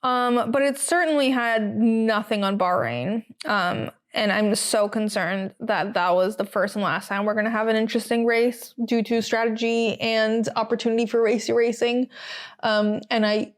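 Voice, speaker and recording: A woman's voice: a little high, normal speed. An American woman hosting a podcast, recapping in a chatty, casual way with many fillers and wry asides. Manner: chatty, lots of ums and likes, wry asides. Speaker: podcast host. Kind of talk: casual solo recap chat.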